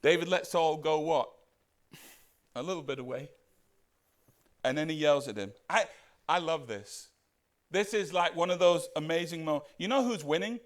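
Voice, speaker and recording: A man preaching a sermon as pastor, animated and putting questions to the congregation. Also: fairly high pitch, moderate pace.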